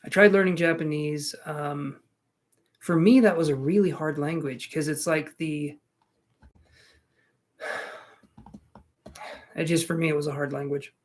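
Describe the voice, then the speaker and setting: Chatty man reading tarot live, higher voice. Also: steady tone, slow, long pauses. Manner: chatty, reads viewers' names aloud and jokes. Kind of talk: casual live-stream chat.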